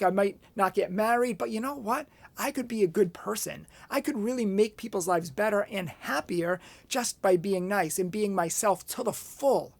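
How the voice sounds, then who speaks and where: A man's voice: sits high, creaky, dry recording. A man giving a motivational Catholic talk, telling a personal story and acting out what people said. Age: adult, past college. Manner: animated storyteller with acted-out quotes. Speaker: Catholic speaker.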